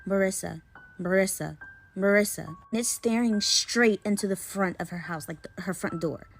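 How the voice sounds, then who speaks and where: A young woman casually retelling a creepy story in a chatty, slangy way, with dramatic pauses. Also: medium pitch, soft background music.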